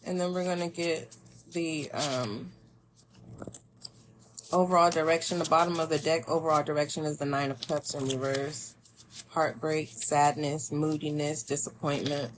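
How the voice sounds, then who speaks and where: A woman's voice: low voice, steady tone, normal speed, a little hiss or hum. A woman giving a spiritual tarot reading, talking to the listener in a meandering, musing way. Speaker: tarot reader.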